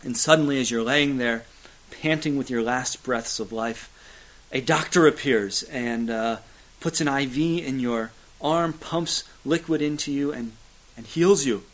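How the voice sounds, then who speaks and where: Man preaching with dramatic loud-soft swings. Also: a little slow, low-quality recording. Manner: dramatic swings from loud emphasis to hushed low delivery; repetitive preaching cadence with occasional fillers. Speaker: pastor. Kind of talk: sermon.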